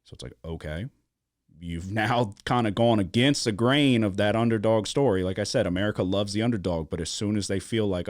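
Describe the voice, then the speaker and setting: Casual podcast host from Louisiana, fairly low voice, dry studio sound, swears freely, animated storyteller. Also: male voice, normal speed, no echo. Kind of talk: casual sports-betting podcast chat.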